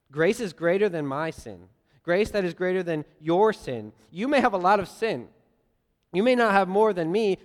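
A man preaching a sermon, telling lively stories with playful voiced asides. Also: on the high side. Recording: long hall reverb.

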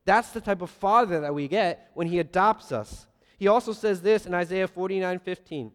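A man preaching a sermon, earnest, swinging between loud emphasis and soft, quiet lines. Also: sits high, normal speed. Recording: long reverb of a large hall.

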